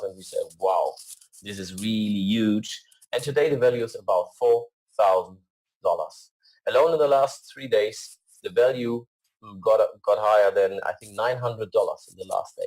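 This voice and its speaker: Hesitant man presenting slides, low voice. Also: a little mellow, low-quality recording. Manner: hesitant, many fillers and restarts. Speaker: company CEO presenting.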